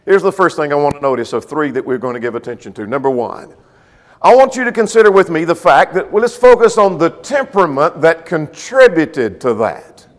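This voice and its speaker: High-voiced man preaching in a reverberant hall. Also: sing-song, brisk. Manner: expository, guiding listeners verse by verse; swings between loud peaks and near-murmured phrases. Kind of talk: sermon.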